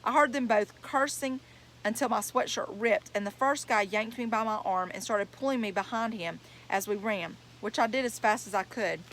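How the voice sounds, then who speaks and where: A woman's voice: on the high side, normal speed, a bit bright, slight background noise. A woman reading a novel aloud, telling it in plain first-person storytelling. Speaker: reader.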